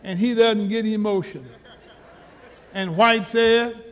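A man's voice: sits high, fairly even intonation, measured pace. Male pastor, repetitive and emphatic sermon delivery, live church auditorium with long reverb. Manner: emphatic, repeats himself, rises to loud exhortation.

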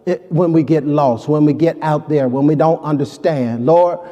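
A man's voice: a little high, moderate pace, warm tone, muffled recording. A male pastor preaching a sermon, with repeated call-outs to the congregation and rhetorical questions. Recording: long hall reverb.

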